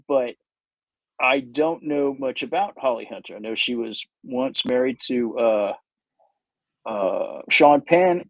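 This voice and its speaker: A man's voice: medium pitch, no echo, poor audio. A man hosting a livestream, painting while he chats in a rambling, self-interrupting, jokey way. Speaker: livestream host painting models. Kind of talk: casual rambling chat.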